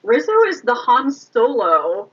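Podcast guest, woman, breathy higher voice, animated, a bit far from the mic with lo-fi sound. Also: unhurried. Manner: animated, laughing, talks in bursts. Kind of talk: casual chat. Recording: distant, muffled lo-fi audio.

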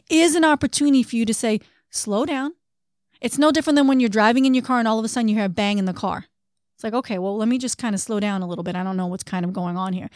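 A woman co-hosting a podcast, explaining coping steps in an earnest, conversational way and slowing down on key phrases. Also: a little high, no echo, clean studio sound. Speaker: podcast co-host.

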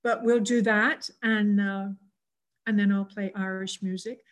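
A woman in her seventies with an English accent, an interview guest telling personal stories in a reflective, gentle way with frequent pauses and restarts. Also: mid-range voice, fairly even intonation. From England.

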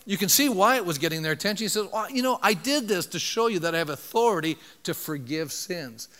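A male pastor with a fairly high voice delivers an animated sermon, often turning to the congregation with rhetorical questions. His voice rings out with a long reverb tail, as if picked up in a large sanctuary. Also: quick pace.

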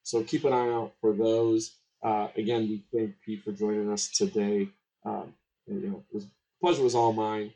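A man hosting a podcast, chatting casually with his guest, relaxed and heavy on filler words. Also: fairly low pitch, normal speed, low-quality recording. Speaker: podcast host. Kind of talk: casual interview chat.

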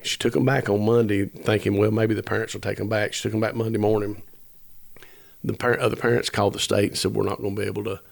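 Gravelly earnest man in his fifties. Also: lowish voice, flat delivery, fast, dry recording. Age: 50s. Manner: earnest, rambling with restarts, quotes dialogue. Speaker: musician guest. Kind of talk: storytelling in a podcast interview.

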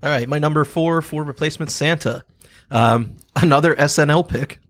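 A man's voice: on the high side, moderate pace, a bit bright, no echo. A man co-hosting a comedy podcast, telling a joke story and laughing through it. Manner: laughs through his own bits. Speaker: podcast co-host. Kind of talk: casual comedy chat.

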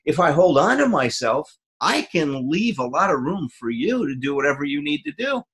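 Casting: husky male co-host, swooping animated delivery. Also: normal speed. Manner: animated, acts out quoted voices with big pitch jumps. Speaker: therapist podcast co-host. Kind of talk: casual conversation.

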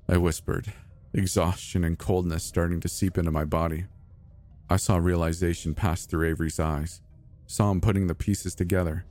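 A man narrating a scripted horror story in the first person with a measured, deliberate delivery. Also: deep voice, level tone, a little mellow, soft background music.

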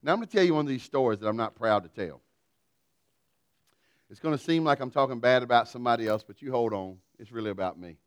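A middle-aged man, preaching a sermon through a folksy, self-deprecating personal story, swinging from loud to quiet. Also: medium pitch, quick pace, clear, resonant tone, no room sound. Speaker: pastor.

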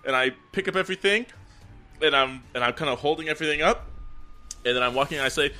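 A young man hosting a tabletop podcast and playing a character, in a relaxed, chatty manner. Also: fairly high pitch, fast talker, faint music behind. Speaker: podcast host and player. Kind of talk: casual podcast talk.

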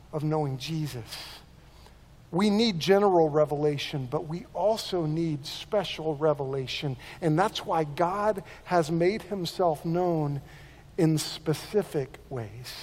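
A man delivers an earnest sermon, his voice pitched noticeably high for a man. He often repeats and restarts words as he works through his points. The sound carries a long reverb, like a church sanctuary. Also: a little mellow. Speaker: pastor.

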